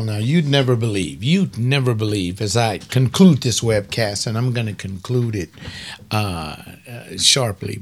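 Emphatic folksy man preaching. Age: older. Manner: folksy, emphatic, repeats lines for stress, rises in pitch when fired up. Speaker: preacher hosting a webcast. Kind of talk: informal preaching.

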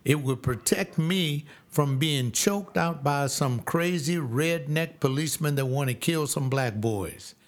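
A man's voice: fairly high pitch, a little slow, hardly any pauses. Emphatic older preacher man. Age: 70s. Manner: emphatic, repetitive, animated with voices. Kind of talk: sermon.

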